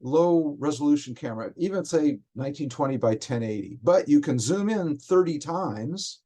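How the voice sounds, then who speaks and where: A man, a software developer, explains technical details in conversation, often stopping and restarting his phrases. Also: fairly high pitch, lively intonation. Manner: halting, frequent restarts while explaining.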